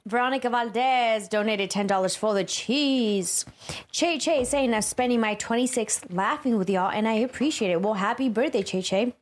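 Sex: woman. Role: co-host. Style: casual livestream chat. Pitch: fairly high. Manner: cheerful reading of donation messages. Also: moderate pace.

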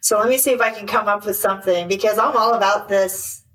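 A woman life coach chatting in an interview, animated and acting out little quoted voices. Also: mid-range voice, quick pace, recorded from a distance, poor audio. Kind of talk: casual interview chat.

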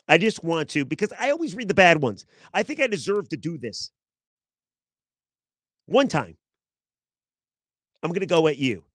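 A man's voice: on the high side, fairly bright tone, dry recording. A man hosting a sports podcast, giving opinionated, teasing talk full of rhetorical questions.

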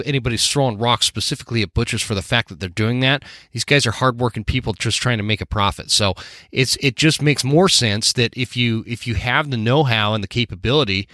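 A male podcast host with a bright, forward voice speaks in an earnest, reflective way. The recording is dry and close to the mic. He thinks aloud as he talks with his guest. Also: on the low side, dry recording. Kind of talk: casual conversation.

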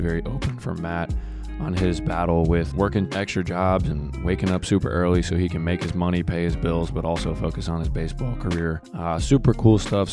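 Hoarse young man hosting a podcast. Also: deep voice. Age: young adult. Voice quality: raspy. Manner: upbeat, loose, with fillers. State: hoarse, lost voice. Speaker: podcast host. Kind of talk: casual podcast intro and interview.

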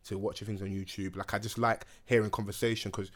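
A young man runs a casual podcast at a quick clip. He jokes around, swears without thinking, and keeps the talk loose. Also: lowish voice, level tone. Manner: laid-back, banter-heavy, swears freely. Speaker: podcast host.

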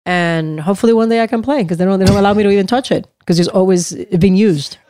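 A woman co-hosting a casual family podcast, telling animated stories and acting out her family's lines. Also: medium pitch, quick pace, faint music behind. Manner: animated storyteller, acts out family members' lines. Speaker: podcast co-host.

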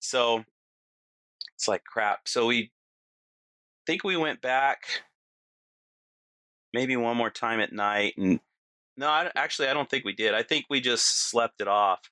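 Man telling a story, bright and dry. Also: mid-range voice, a little slow, long pauses, no echo. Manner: animated, acts out quotes, frequent "you know" and "right". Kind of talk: casual storytelling chat.

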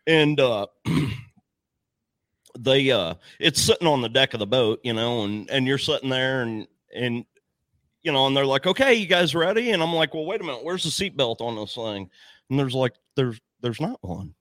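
A man's voice: medium pitch, moderate pace, dry recording. A man telling a story in casual podcast chat, swearing freely and acting out the dialogue. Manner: profane, animated storyteller who acts out the dialogue.

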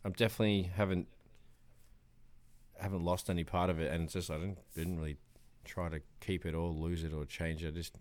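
A man's voice: low-pitched, level tone, brisk, pauses often, a little mellow. A man with a strong Australian accent, joining a casual podcast chat over a video call, blunt and laid-back with frequent swearing.

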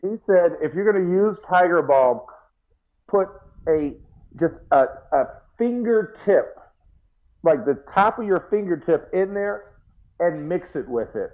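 A man's voice: sits high, animated, measured pace, phone-quality sound. A man telling a funny locker-room story in casual chat, acting out his own reactions. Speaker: former football player.

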